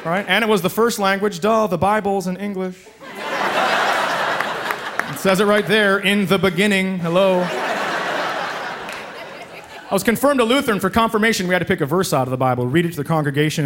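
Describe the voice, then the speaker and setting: A man's voice: high-pitched, fairly quick, long pauses, background noise. A man doing a stand-up set in a comedy club, sarcastic and acting out voices. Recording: live club with loud crowd laughter. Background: audience laughter.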